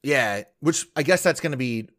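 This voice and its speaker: A man's voice: mid-range voice, lively intonation, moderate pace, a bit bright. A man co-hosting a podcast, recapping a reality show in rambling casual chat full of fillers and laughs. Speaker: podcast co-host.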